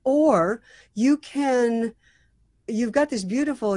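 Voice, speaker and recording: A woman's voice: mid-range voice, normal speed, a little mellow, no room sound. Thoughtful woman critiquing a song. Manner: thoughtful, frequent restarts and fillers. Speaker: songwriting mentor.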